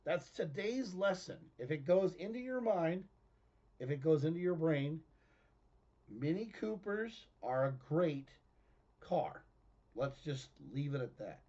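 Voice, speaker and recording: A man hosting his own online show, talking in an excitable, animated rant and often breaking into laughs. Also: on the high side, unhurried, highs cut off. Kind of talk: excitable ranting monologue.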